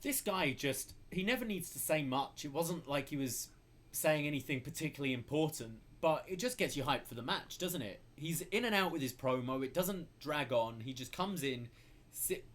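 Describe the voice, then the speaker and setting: A man co-hosting a podcast, giving relaxed, opinionated takes with frequent fillers. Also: fairly high pitch, normal speed. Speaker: podcast co-host. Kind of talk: casual wrestling discussion.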